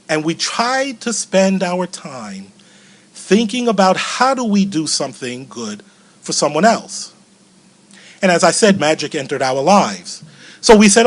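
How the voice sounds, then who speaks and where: A middle-aged man tells a personal story from the podium in a fairly high voice. He is animated and acts out other people's words. At tender moments he slows and drops his voice. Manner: animated, acts out quoted voices with big pitch swings; slows and softens at emotional moments. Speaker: keynote speaker.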